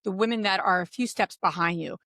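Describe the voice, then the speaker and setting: A woman's voice: medium pitch, a little fast, dry recording. Chatty middle-aged woman guest, acts out what people said, dry close sound. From Pennsylvania. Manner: animated storyteller, acts out quotes. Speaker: podcast guest, real estate investor. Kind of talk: casual interview talk.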